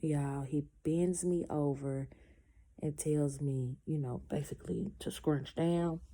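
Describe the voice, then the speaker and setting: A woman's voice: low-pitched, steady tone, slow pace, mellow. A woman telling a personal story casually, acting out the people she quotes and stopping now and then to say she is in pain.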